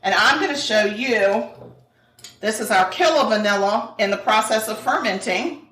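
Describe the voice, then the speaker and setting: A woman's voice: medium pitch, normal speed, fairly bright tone. A woman hosting a cooking show, chatting casually and laughing often as she cooks in a kitchen. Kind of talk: casual chat while cooking. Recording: echoey room, mic at a distance, faint noise.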